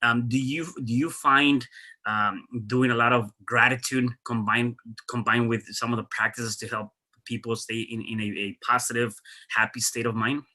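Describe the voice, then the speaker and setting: A man hosting a podcast, talking in a halting way with many restarts. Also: mid-range voice, flat delivery, bright, forceful tone. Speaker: podcast host. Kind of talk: casual podcast interview.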